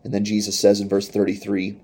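A man's voice: fairly low pitch, completely flat delivery, a little fast, darkish tone, breathy edge. A man preaching a sermon in an earnest manner, reading scripture and voicing quoted speech with rising intensity. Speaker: pastor.

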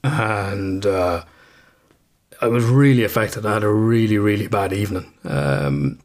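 A man's voice: fairly low pitch, a little slow. A man with an Irish accent, co-hosting a casual podcast chat, rambling, swearing freely and laughing at himself. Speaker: podcast co-host.

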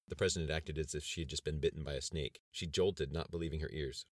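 A man narrating an audiobook with a steady delivery on a close mic. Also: very deep voice, fast, few pauses, no room sound.

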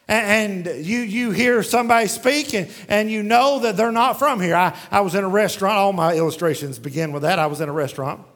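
A man preaching a sermon verse by verse, asking and answering his own questions and slowing down to read scripture aloud. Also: high-pitched. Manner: varies pace widely, slowing down when reading scripture aloud. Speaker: pastor.

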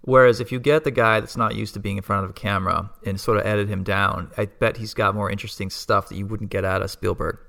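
A man's voice: on the low side, fairly even intonation, creaky, fairly bright tone. A man co-hosting a podcast, chatting casually and eagerly adding his own takes. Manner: enthusiastic, agreeable, quick to add his own takes. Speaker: podcast co-host. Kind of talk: casual chat.

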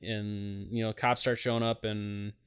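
A man casually recapping a film in a rambling, profane, animated way. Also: lowish voice, measured pace, smooth.

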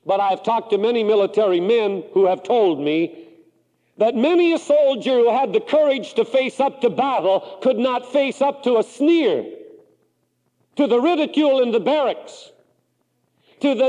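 Preacher, male, Pacific Northwest, high animated delivery, churchy hall echo. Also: normal speed. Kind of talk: sermon.

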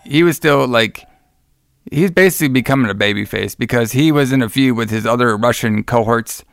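A man co-hosting a podcast, recapping a wrestling show in a rambling, excitable way with lots of fillers. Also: medium pitch, a little fast, vocal fry, no room sound. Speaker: podcast co-host.

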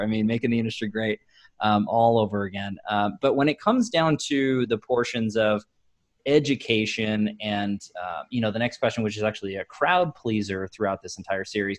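A man hosting an interview series, affirming his guest and then leading into the next question. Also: fairly low pitch. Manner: affirming, frequent encouraging interjections. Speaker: interview host. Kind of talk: podcast interview.

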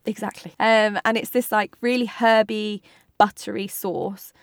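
A woman's voice: mid-range voice, fairly even intonation, a little slow, no echo, clean studio sound. A woman chatting about restaurants, giggly and full of likes and ums. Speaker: co-host food segment. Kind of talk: casual chat.

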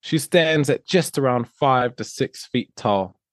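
A man's voice: medium pitch, a little slow, dry recording, natural voice. A grand, pompous reader in a put-on English accent, as a man puts it on for a laugh, drawing out each line as if it were a fine biography. The voice is very dry and close, with no room around it. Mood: mock-grand. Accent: mock English. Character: man reading an article aloud in a mock English accent.

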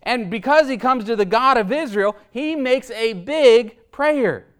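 High, smooth-voiced male preacher. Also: expressive, a little slow, a bit bright. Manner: emphatic, rhetorical, tags points with "right?". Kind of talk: sermon.

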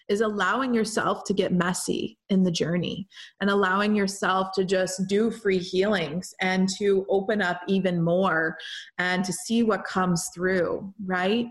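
A young woman hosting a show, telling a personal story in a loose, chatty way with lots of fillers and run-on sentences. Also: medium pitch. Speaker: podcast host and healer. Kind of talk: casual storytelling monologue.

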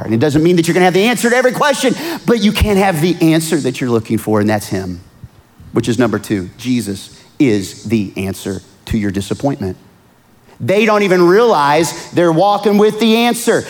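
A man preaching a sermon, swinging from hushed, earnest lines to loud pleading outbursts. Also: medium pitch. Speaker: pastor.

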